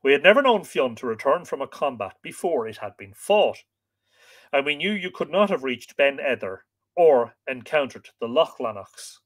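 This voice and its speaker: A man's voice: mid-range voice, sing-song, normal speed. A man voicing a frightened, humble male servant in a read-aloud myth, in a pleading delivery. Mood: fearful.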